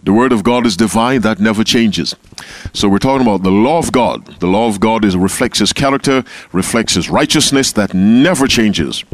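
A man's voice: fairly low pitch, normal speed, dry recording. A man leading an interactive Bible class, calling on members by name and repeating key phrases. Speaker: Bible teacher.

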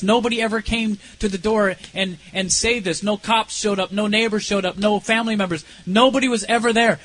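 High-voiced man giving an earnest testimony. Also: rough recording. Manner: earnest, halting storytelling that drops low and soft at intense moments. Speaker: speaker sharing a personal testimony. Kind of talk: emotional personal testimony.

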